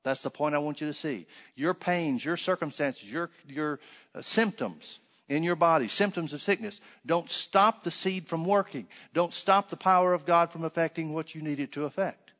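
A man preaching a sermon, reading scripture aloud and then explaining it with rhetorical questions, swinging between loud emphatic stresses and hushed asides. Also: on the high side, normal speed.

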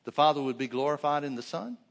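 A man's voice: a little high, fast talker, in a large hall. A man teaching a sermon, reading Bible verses aloud and explaining them in plain talk with frequent restarts. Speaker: preacher.

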